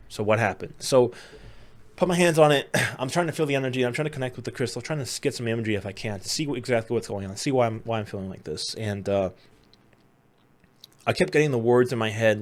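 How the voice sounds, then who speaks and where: Male host, mid-pitched, chatty and earnest, emphatic storyteller. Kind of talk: casual storytelling to camera.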